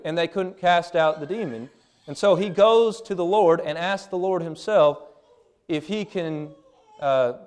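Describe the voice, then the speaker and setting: A man's voice: fairly high pitch, smooth. A man in his thirties preaching a sermon in an earnest, plain-spoken way, often restarting his phrases.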